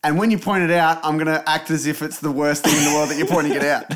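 A man's voice: on the high side, level tone, fast, a bit bright. A man in a casual chat, agreeing, laughing and adding his own take on the story.

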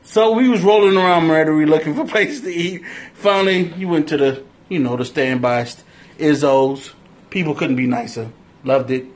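A man co-hosting a casual podcast, telling a story slowly and laughing as he goes. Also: a little high. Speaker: podcast co-host.

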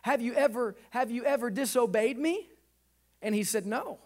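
A man in his thirties, a pastor, preaching a sermon with animated delivery and acted-out dialogue. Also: very high-pitched, moderate pace.

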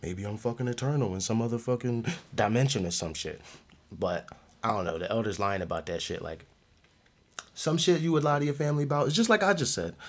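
A young man hosting a podcast, giving a casual, slangy review of a show with frequent laughs and animated outbursts. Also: a little fast. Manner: animated, slangy, laughs often, loud jumps in pitch. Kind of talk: casual solo review chat.

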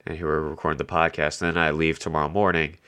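A man's voice: extremely low pitch, flat delivery, fast talker, sharp tone, clear, resonant tone. A man co-hosting a casual gaming podcast, a little stuffy from allergies, who laughs often and pokes fun at himself. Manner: laughs often, self-deprecating. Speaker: podcast co-host. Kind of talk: casual chat. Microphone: video call.

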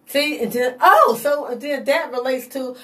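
A woman's voice: high voice, a little slow. A woman talking in a rambling, digressive monologue, laughing often and swearing casually. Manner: digressive, laughing, profane, animated. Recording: voice from a distance.

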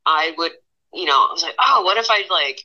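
A woman in her thirties from Pennsylvania, USA, appears as a guest artist in a casual interview, telling stories animatedly with frequent laughter and lots of fillers. Her voice is lowish and a little fast, and the recording's highs are cut off.

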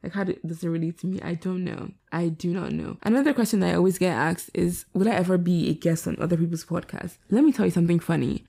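A young woman talks through her solo podcast late at night, candid and rambling, with a tired edge. Her voice is low, mellow and gravelly with plenty of fry. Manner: rambling, candid, self-deprecating. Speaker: podcast host. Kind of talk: casual solo podcast chat. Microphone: laptop setup.

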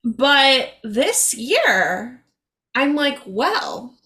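A woman's voice: mid-range voice, expressive, measured pace, bright, forceful tone. A young woman hosting a podcast, chatting in a gushing, upbeat and slangy way. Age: young adult. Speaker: podcast host. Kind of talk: casual chat.

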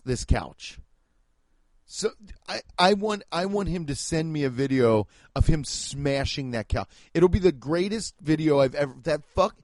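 A man's voice: mid-range voice, a little mellow, no room sound. A young man ranting in a comic, profane, fired-up way, talking into a close mic. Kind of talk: comic rant.

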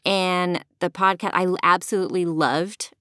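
A woman's voice: on the low side, fairly even intonation, unhurried, fairly bright tone, dry recording. Giggly, earnest woman podcast co-host. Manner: earnest, self-deprecating, giggly. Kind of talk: casual podcast chat.

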